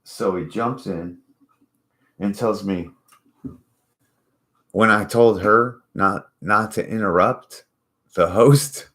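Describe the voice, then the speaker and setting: A man's voice: on the low side, takes it slowly, long pauses, a bit bright. A man hosting his own channel, telling a story in a loose, profane, mocking rant. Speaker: channel host. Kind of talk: casual rant to camera.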